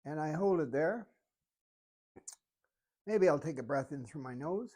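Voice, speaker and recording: A fitness instructor giving calm, step-by-step exercise coaching while demonstrating the moves. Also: medium pitch, a little slow, husky.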